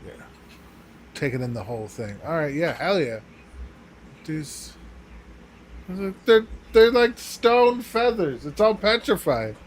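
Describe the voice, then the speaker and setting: A man playing in a tabletop game, chatting casually, excitable and quick to cheer and swear. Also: a little high, a little hiss or hum. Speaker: player.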